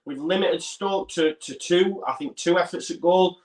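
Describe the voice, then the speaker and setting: A man co-hosts a live fan watchalong and talks through the match as it unfolds. His voice sits a little high for a man, and the casual chat comes through with a roomy echo around it. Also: normal speed, a little mellow. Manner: chatty, describes the play as it happens. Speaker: co-host of a fan watchalong stream.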